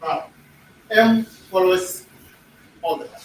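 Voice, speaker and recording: In a slow, high voice, a male teacher works through a language lesson, repeating points and checking in with the class again and again. Faint noise and echo fill the room, and the mic is far away.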